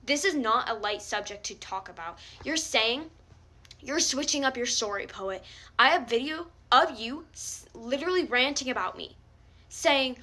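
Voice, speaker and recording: High bright voice, an angry young woman ranting. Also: lively intonation, moderate pace. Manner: confrontational, heated, swears a lot. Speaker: vlogger calling someone out. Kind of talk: angry direct-to-camera rant.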